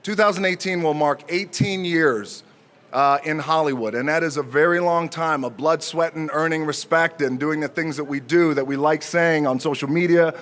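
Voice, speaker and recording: Man, forties, acceptance speech, podium mic outdoors, joking, halting fillers, a bit high-pitched. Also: fairly bright tone. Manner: off-the-cuff, joking, pausing often with fillers. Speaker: speaker at an outdoor honor ceremony. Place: outdoor ceremony with a crowd.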